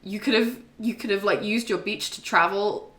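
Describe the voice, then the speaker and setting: A woman voicing a blunt male courier from a game who questions everything in disbelief. The voice stays mid-pitched and plain, with a clear room echo. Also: steady tone, normal speed, fairly bright tone, close to an everyday voice. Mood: incredulous. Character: gruff, skeptical male courier hero.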